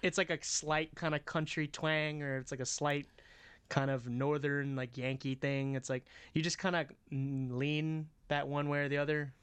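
Male co-host, clear higher voice, easygoing chatter. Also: flat delivery, moderate pace, a bit bright, no echo. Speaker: podcast co-host. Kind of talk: casual chat.

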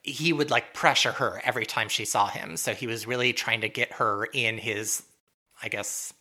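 A woman co-hosting a podcast, chatting casually as she recaps a TV episode, giggling and quoting the characters in quick asides. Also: rumbling low, bright, forceful tone. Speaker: podcast co-host.

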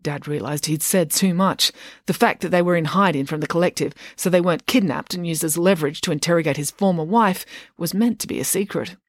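A woman narrating a storybook with a lively, expressive reading. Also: lowish voice, a little fast, no room sound, studio quality. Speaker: audiobook narrator.

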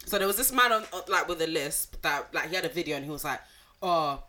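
A woman's voice: sits low, lively intonation, fast talker, pushed and bright. A woman co-hosting a podcast in casual chat, blunt and jokey, laughing often. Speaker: podcast co-host.

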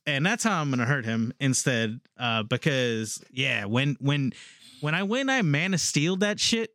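In an unhurried, medium-pitched voice, the man, who is in his thirties, animatedly recounts stories in casual conversation, frequently saying "like" and "literally." The sound is clean and studio-quality, free of echo.

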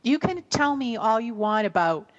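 A woman's voice: fairly high pitch, expressive, normal speed, lo-fi sound. A middle-aged woman telling a long story on a radio show, rambling and emotional, with many fillers and restarts.

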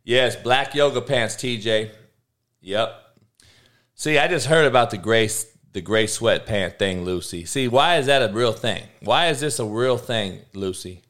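Slangy foul-mouthed guy hosting a podcast, talking back to chat, mid pitch. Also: measured pace, fairly bright tone. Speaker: podcast host. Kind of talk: casual live-stream chat.

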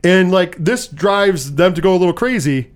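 Un uomo, conduttore di un podcast, racconta con animazione la trama di un film in una chiacchierata informale, spesso con parolacce. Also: male voice, high-pitched, normal speed, clean tone. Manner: animated retelling with frequent swearing. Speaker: podcast host. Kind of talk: casual film review chat.

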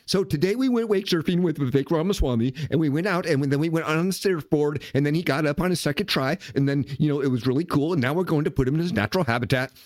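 A man doing a young influencer dude, high chirpy voice, breathless run-on lines, quick chopped delivery. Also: a little mellow, lightly acted.

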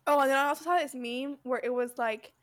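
A woman's voice: sits high, fairly even intonation, quick pace. A young woman co-hosting a podcast, rambling in casual chat and laughing often. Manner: rambling, laughs a lot, says "dude". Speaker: podcast co-host.

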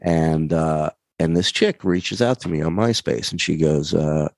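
Deep-voiced man telling rambling stories. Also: measured pace, vocal fry, no room sound. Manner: rambling, animated, many fillers. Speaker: comedian guest. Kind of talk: casual storytelling.

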